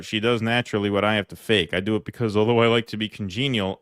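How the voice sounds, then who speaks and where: A man's voice: fairly low pitch, a bit bright, clear, resonant tone, dry recording. A man co-hosting a casual livestream, reading viewer comments aloud in a dry, sardonic way.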